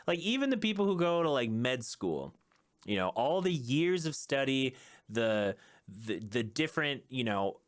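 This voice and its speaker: A man's voice: medium pitch, fairly bright tone. A man hosting his own podcast in a casual solo chat, rambling and joking at himself, often laughing. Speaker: podcast host. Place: small home room with a keyboard. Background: faint music playing.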